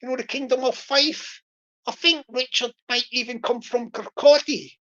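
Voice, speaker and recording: A woman's voice: high voice, steady tone, moderate pace, fairly bright tone. A woman livestreamer chatting casually in a rambling way, with many restarts, fillers and small chuckles. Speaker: YouTube livestreamer. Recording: lo-fi dull stream audio.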